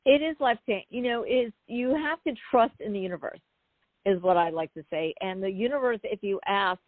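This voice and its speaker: A woman guest on an interview show, telling a personal story in a chatty, animated way with many asides. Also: mid-range voice, brisk, dry recording. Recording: phone-like dry call audio.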